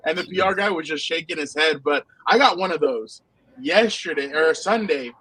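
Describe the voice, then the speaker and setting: A man co-hosting a casual football podcast, telling animated anecdotes and laughing often. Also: on the high side, normal speed, husky, low-quality recording. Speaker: podcast co-host, football reporter. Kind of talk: casual sports podcast chat.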